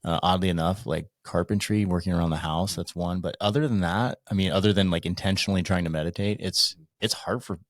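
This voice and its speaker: A man hosting a casual podcast chat, talking in a relaxed, hesitant way with friendly teasing. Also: low voice, fast talker, few pauses, no echo, clean studio sound. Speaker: podcast host.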